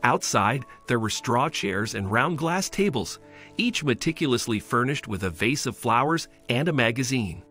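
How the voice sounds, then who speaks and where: Male storyteller, steady scripted narration, mid-pitched, light music under. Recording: faint music bed.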